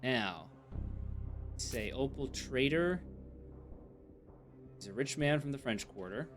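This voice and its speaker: A man streaming a video game live, thinking aloud and gently mocking himself. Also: medium pitch, expressive, slow, faint music behind.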